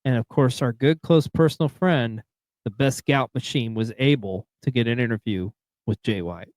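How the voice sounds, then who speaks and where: A man's voice: medium pitch, normal speed, a little mellow, dry recording, studio quality. A man hosting a casual wrestling recap show, speaking with frequent fillers. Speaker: podcast host.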